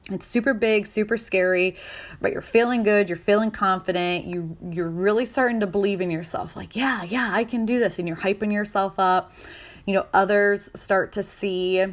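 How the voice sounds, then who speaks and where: An upbeat woman in her thirties talks casually on her own podcast, coaching listeners about sales. Her delivery is chatty and lively, and she slips into excited inner voices as she goes. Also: mid-range voice, normal speed. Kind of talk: casual solo podcast talk.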